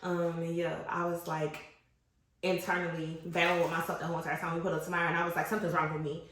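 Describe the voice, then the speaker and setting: A woman's voice: fairly low pitch, fast talker. A woman in her twenties telling a personal story in casual, slangy podcast chat. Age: 20s. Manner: animated, candid, slangy storytelling. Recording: very echoey room.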